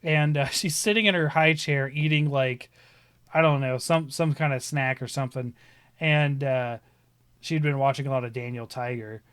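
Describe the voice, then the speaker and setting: A man in his thirties with a bright, forceful voice, talking casually on a live stream. He tells stories animatedly and breaks into laughter often. The sound is close and dry. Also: mid-range voice, steady tone, moderate pace, clear, resonant tone, no room sound. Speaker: stream host. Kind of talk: casual chat.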